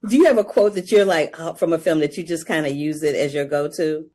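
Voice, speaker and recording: A woman interviewing film talent, chatty and quick to laugh. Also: deep voice, mellow. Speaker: entertainment interviewer. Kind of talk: press junket interview.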